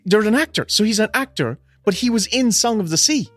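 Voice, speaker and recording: A man's voice: high-pitched, expressive, a little fast, a bit bright, no room sound, soft background music. An Irish man co-hosting a podcast, telling a story animatedly with frequent laughter and swearing. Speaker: podcast co-host. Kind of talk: casual storytelling chat.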